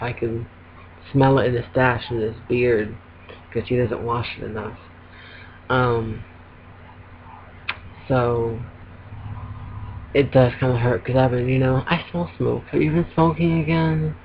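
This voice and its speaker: Recorded through a laptop webcam with dull, lo-fi sound and slight background noise, a mid-range male voice vents to camera from home. The vlogger rambles casually, filling gaps with ums and small laughs.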